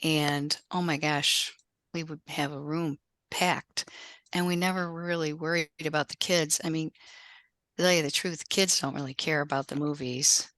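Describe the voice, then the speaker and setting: A woman's voice: low-pitched, steady tone, normal speed, a bit bright, no room sound. A woman from library staff in a roundtable discussion, speaking frankly and reassuringly with emphasis.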